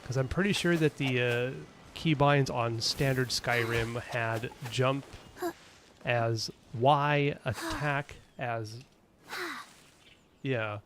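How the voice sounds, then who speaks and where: A man streaming a video game, chatting casually, rambling and thinking out loud as he answers his chat. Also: mid-range voice, slow, slight background noise. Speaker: gaming streamer. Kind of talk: casual gaming commentary.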